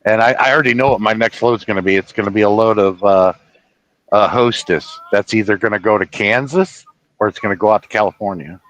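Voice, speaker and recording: A man's voice: fairly low pitch, fairly quick, fairly bright tone, low-quality recording. A man who drives a truck, chatting casually on a live stream from his truck cab, rambling through stories with swearing and false starts. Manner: storytelling with swearing and restarts.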